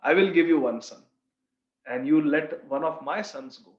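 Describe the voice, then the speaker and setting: A man voicing a gentle, confident mother of five sons in a retold scripture story. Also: a little high, normal speed, voice pushed down, close to an everyday voice. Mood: reassuring. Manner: soothing, confident. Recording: roomy, slightly dull recording.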